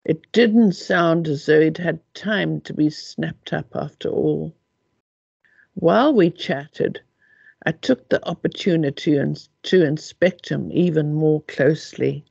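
An older woman from Africa, reading her own memoir aloud in an unhurried storytelling manner. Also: deep voice, gravelly, darkish tone, breathy edge, no room sound. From South Africa. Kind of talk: audiobook reading. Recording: dull lo-fi dry recording.

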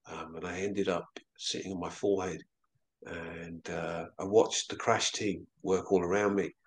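Lower-voiced man, halting storytelling. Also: flat delivery, vocal fry. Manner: halting, earnest storytelling with frequent restarts. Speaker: interview guest. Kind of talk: recounting a personal experience in an interview.

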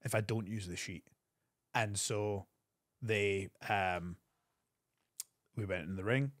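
Give me a man telling stories with lively jumps in pitch, in a dry studio. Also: no echo. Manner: animated storyteller, quick bursts of pitch. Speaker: wrestler guest. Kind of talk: storytelling interview.

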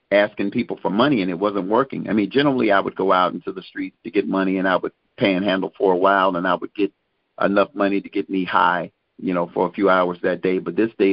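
A middle-aged man, a guest minister, slowly telling his personal religious testimony with many pauses. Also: low voice, creaky, dry recording. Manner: slow, measured storytelling with many pauses. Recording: dull, muffled lo-fi sound.

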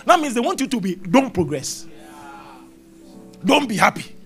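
A man's voice: high voice, animated, a little fast, gravelly, pauses often, breathy edge, faint music behind. A middle-aged man preaching a sermon at a church service, emphatic and repetitive, quoting scripture. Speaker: pastor.

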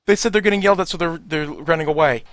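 Excited man streaming a game. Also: on the high side, fast, no room sound. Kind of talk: casual gaming chat.

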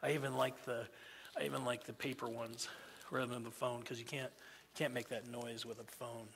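Earnest preacher guy, bright forceful voice, long church reverb. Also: medium pitch, little pitch movement, normal speed, vocal fry, a little hiss or hum. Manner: earnest, repeats himself, swings from hushed to loud. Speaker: pastor. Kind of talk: sermon. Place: church sanctuary.

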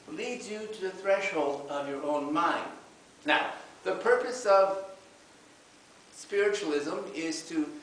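A man delivers a church sermon in a slightly high voice, opening with a lighthearted story before turning earnest. He is recorded from a distance in a very echoey hall. A faint hiss runs under the recording. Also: fairly bright tone. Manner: humorous storytelling then earnest preaching. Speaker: minister.

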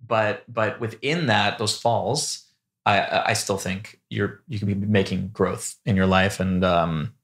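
Young guy rabbi chatting on a podcast, earnest, explains stuff with everyday examples, lowish voice. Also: fairly even intonation, unhurried, fairly bright tone. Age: young adult. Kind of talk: casual chat.

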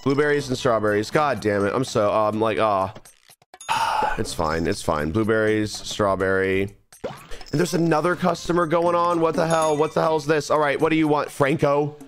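A man's voice: mid-range voice, lively intonation, moderate pace. A young man streaming a game live, talking restlessly to himself, mocking himself and repeating phrases, with faint music behind. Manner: restless, self-mocking, repeats phrases under his breath. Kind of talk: live gameplay commentary.

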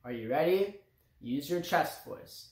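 A man leading a children's music lesson, his voice rising and falling in an animated, lively way. He speaks slowly and clearly, coaxing the little ones to sing along, and the recording has a roomy echo. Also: fairly high pitch. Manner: slow, clear and encouraging, speaking directly to children. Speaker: music teacher for young children.

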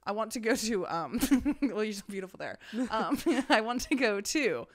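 A young woman co-hosting a podcast in casual chat, loud, brash and profane, often breaking into laughter and shouts. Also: mid-range voice, animated, moderate pace. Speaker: podcast co-host.

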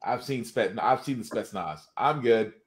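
A man co-hosting a casual podcast who laughs often and slips into quick impressions. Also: mid-range voice, expressive. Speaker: podcast co-host.

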